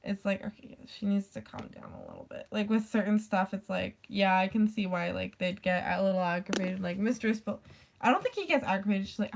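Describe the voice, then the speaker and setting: A woman's voice: medium pitch, brisk, gravelly. A woman chatting casually in a vlog, rambling with lots of "like" and casual swearing. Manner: rambling, full of "like" fillers. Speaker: vlogger. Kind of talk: casual chat.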